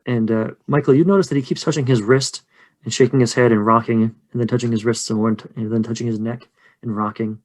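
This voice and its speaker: A male game master narrates a horror tabletop game in a medium voice. His description is slow and measured, and he often lets it drop quiet. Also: medium pitch, steady tone.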